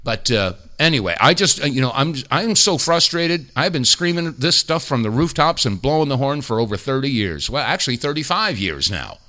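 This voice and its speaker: Exasperated male podcast host, lively pitch. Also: moderate pace, hardly any pauses. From United States. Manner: exasperated, mocking impressions, restarts. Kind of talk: casual commentary rant.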